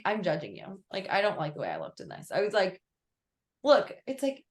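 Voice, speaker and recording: A woman's voice: mid-range voice, very animated, fast talker. A young woman coaching a client on a call, chatty and full of fillers. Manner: chatty, filler-heavy, lots of "like". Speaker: business coach.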